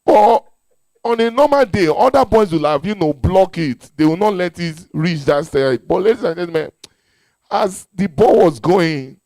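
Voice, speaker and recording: A man in his thirties with a Nigerian accent performs stand-up storytelling, animated and switching into character voices. His voice sits high for a man. The sound carries the echo of a large event hall. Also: a little slow. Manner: animated, acts out voices with Yoruba phrases. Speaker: stand-up comedian. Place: event hall before a live audience.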